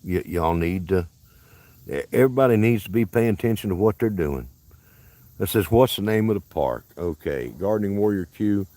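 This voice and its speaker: Speaking with an extremely low, darkish voice, an Alabama man with a Southern drawl hosts a livestream from a park. He chats in a folksy, rambling way, often cutting himself off.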